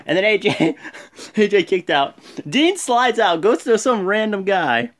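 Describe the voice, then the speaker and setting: Animated man recapping a show. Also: high voice, measured pace. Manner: excitable, animated retelling. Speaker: video host.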